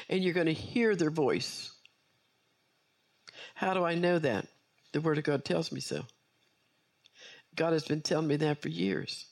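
A woman preacher delivering an earnest sermon with personal testimony, repeating key phrases for emphasis. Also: lowish voice.

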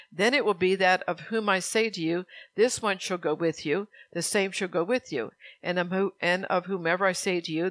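A woman's voice: lowish voice, a bit bright, no room sound. Woman pastor preaching a sermon. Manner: preaching, reads scripture slowly and earnestly; asks the congregation direct questions. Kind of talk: sermon with scripture reading.

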